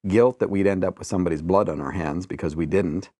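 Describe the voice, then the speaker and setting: A man's voice: low voice, quick pace, a little mellow, no room sound, studio quality. A man in a conversational discussion, speaking reflectively in long, winding sentences. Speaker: discussion guest.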